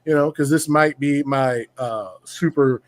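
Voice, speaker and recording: A man telling a rowdy personal story in casual chat, boastful and profane, full of slang and animated bragging. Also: mid-range voice, measured pace. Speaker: podcast guest telling a story.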